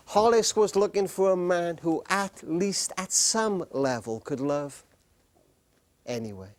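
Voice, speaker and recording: A middle-aged man with a notably high voice tells stories to a live audience. He speaks earnestly and slows down on key words, leaving pauses for weight. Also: expressive. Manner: earnest, with slow emphatic pauses. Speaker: speaker on marriage. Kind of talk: storytelling talk to a live audience.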